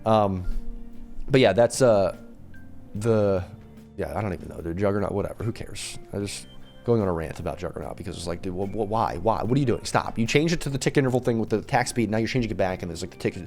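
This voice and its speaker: A man's voice: on the low side, fast, darkish tone. Young man, strained voice, exasperated rant, gaming commentary, faint background music. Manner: exasperated, ranting, repeats himself. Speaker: game commentator. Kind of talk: ranting gameplay commentary.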